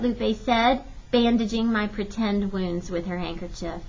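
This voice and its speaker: A woman narrating a children's historical novel in steady, clear audiobook storytelling. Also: medium pitch, measured pace, few pauses. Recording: dull lo-fi recording.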